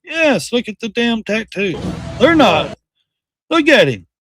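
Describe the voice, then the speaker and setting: A middle-aged man hosts a livestream, commenting on clips in casual, blunt fashion, swearing and mocking. His voice is extremely high and very animated yet slow, a bit bright, with faint music behind.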